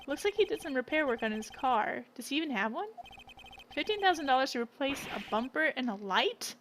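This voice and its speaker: A woman's voice: high-pitched, sing-song, fairly quick, a bit bright, slight background noise. A woman reading as a wry young lawyer. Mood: musing. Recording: game music behind.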